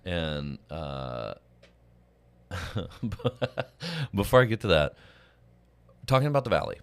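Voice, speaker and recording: Male morning host, very deep voice, easygoing rambling storyteller. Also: sing-song, slow pace. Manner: rambling storyteller with restarts and laughs. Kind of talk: casual chat.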